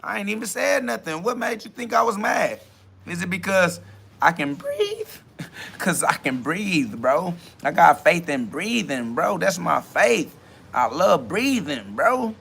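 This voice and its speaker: A man hosting a self-talk podcast, ranting loudly and boastfully in profane slang and mockingly imitating other people's questions. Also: sits high, expressive, unhurried, creaky, slightly rough. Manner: loud, boastful, swearing slang rant with bursts of laughter. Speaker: podcast host.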